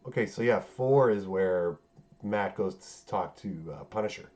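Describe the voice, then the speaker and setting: Low-voiced man rambling casually, swearing freely. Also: moderate pace, darkish tone. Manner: loose, rambling, heavy on swearing and fillers. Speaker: podcast host recapping a TV series. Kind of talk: casual chat. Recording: dull lo-fi sound.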